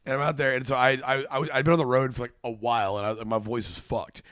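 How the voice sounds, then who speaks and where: A man, a touring stand-up comedian, telling stories in casual chat, profane and animated, with stammering restarts. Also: mid-range voice, quick pace, dry recording, clean studio sound.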